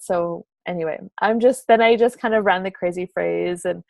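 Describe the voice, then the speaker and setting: A woman's voice: mid-range voice, fairly quick, creaky, hardly any pauses, darkish tone, no room sound. A woman hosting her own show, casually telling an everyday story and acting out both sides of the conversations. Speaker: show host and facilitator.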